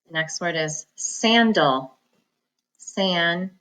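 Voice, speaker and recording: Woman teaching phonics real slow, says each word clearly and waits for you to repeat, bright sound. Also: fairly low pitch, low-quality recording. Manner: slow, patient enunciation of words and syllables. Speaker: reading teacher.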